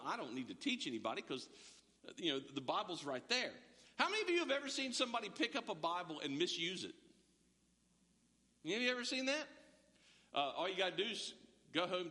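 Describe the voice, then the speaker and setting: Bright high-voiced preacher in a hall. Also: male voice. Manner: conversational, repeats words when starting sentences. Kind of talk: sermon. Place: church hall with slides. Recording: long hall reverb.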